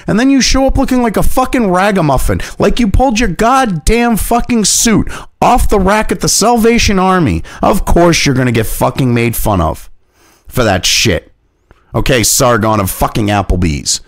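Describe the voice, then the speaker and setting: A man's voice: high-pitched, very animated, normal speed, no echo, clean studio sound. Heated, swearing male online ranter. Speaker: online commentator. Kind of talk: profane opinion rant.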